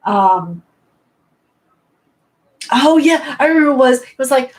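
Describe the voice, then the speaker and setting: A woman's voice: high voice, animated, measured pace. A tired woman from New chats casually as a host. She rambles and often laughs as she talks. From New York. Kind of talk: casual chat.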